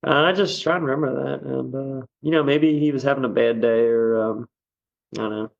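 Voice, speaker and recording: A man's voice: mid-range voice, a little fast, vocal fry, muffled recording. A man chatting as a podcast guest, rambling with lots of fillers and easy laughs. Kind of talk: casual podcast chat.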